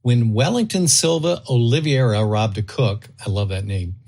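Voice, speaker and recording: A man's voice: medium pitch, normal speed, creaky, darkish tone. A man co-hosting a podcast, reading odd news stories aloud and laughing often. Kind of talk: casual chat.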